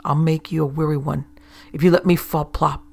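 A man voicing the ghost of an old hanged pirate, gruff, loud and bossy in old sailor talk. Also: fairly high pitch, level tone, brisk.

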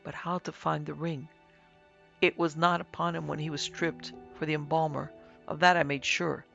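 A man narrating a classic story as an audiobook in a solemn, measured way, in a dry, dull lo-fi recording. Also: fairly high pitch, flat delivery, creaky, sharp tone, soft background music. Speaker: narrator and producer.

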